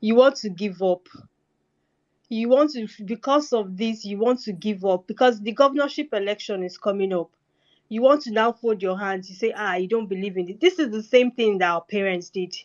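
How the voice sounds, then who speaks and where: A woman's voice: mid-range voice, normal speed, a little mellow, dull audio. A woman speaking in a live online discussion, impassioned and emotional, sometimes stammering. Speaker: speaker in a live audio space.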